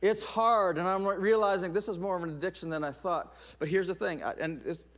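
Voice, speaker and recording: A middle-aged man preaching a sermon, telling stories in an animated way, with laughs and restarts. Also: high voice, fast talker. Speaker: pastor.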